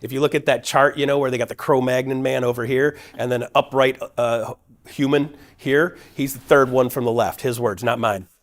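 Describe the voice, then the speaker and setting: Middle-aged male speaker, mid-range voice, casual and energetic storyteller who acts out the people he quotes. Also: medium pitch, moderate pace. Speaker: guest speaker at a real estate event. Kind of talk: personal storytelling talk.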